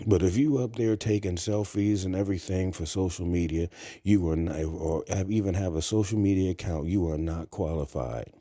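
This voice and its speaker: A man's voice: low voice, normal speed, mellow, no room sound, studio quality. A man talking to camera in a blunt, crude, rambling monologue. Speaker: vlogger. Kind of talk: casual monologue.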